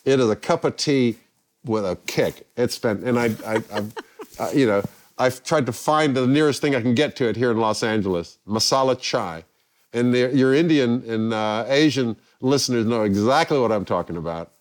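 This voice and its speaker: An older man from England, a guest telling anecdotes in a lively way and acting out the people he quotes. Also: mid-range voice, normal speed. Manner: lively, acts out quoted voices. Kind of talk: anecdotal storytelling.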